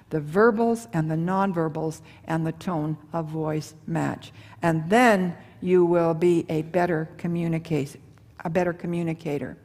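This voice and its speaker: A middle-aged woman giving a live seminar on marriage and communication, talking folksy and animated, with rhetorical questions and acted-out quotes. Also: fairly low pitch. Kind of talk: seminar talk to a live audience. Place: large hall or church with an audience. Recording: live hall with long reverb.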